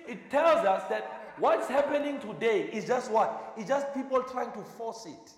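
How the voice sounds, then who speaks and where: A male preacher with a high voice that leaps up and down, quizzing his listeners and hammering home repeated lines. He is heard in a big echoey hall with a long reverb trailing each phrase. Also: expressive, moderate pace, hardly any pauses, some chatter behind. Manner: call-and-response questioning, emphatic repetition. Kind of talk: sermon.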